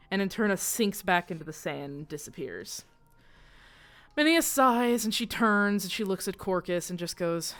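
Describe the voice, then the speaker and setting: A woman's voice: mid-range voice, animated, normal speed, fairly bright tone, faint music behind. A woman narrating a tabletop game as game master, casual and swearing freely.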